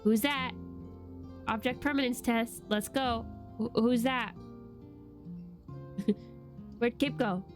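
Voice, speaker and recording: A young woman streaming a video game, chatting casually and excitably and laughing often as she plays. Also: on the high side, takes it slowly, long pauses. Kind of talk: casual gameplay chat. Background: game music.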